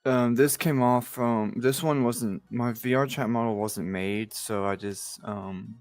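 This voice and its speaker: A man joining a streamer's voice call as a guest, soft-spoken and shy, trailing off. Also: medium pitch, steady tone, unhurried, no room sound, soft background music. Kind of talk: casual chat.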